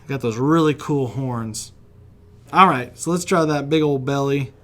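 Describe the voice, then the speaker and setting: A man's voice: medium pitch, a little slow, fairly bright tone, soft background music. A man from West Virginia, chatty and encouraging, teaching a children's drawing lesson while he sketches. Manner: friendly, chatty, encouraging, laughs often. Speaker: kids' art teacher.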